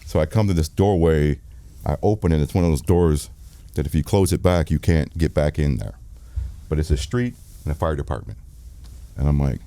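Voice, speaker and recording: A man, a film director being interviewed, telling a story in a candid, animated, profane way and acting out quotes. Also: low voice, brisk, no echo.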